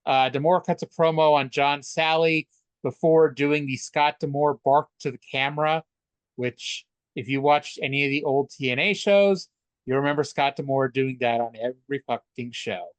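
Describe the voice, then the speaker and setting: A man co-hosting a casual wrestling podcast, chatty and loose, with frequent stammered restarts and offhand swearing. His voice sits a bit high for a man. It is recorded close and dry on a podcast mic. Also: normal speed, clear, resonant tone, no room sound. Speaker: podcast co-host. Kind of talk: casual wrestling recap chat.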